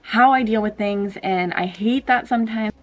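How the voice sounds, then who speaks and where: A woman's voice: mid-range voice, normal speed. A young woman vlogger chatting casually through a story while getting ready, full of "like" and acted-out dialogue. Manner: chatty, lots of "like", acts out quoted dialogue.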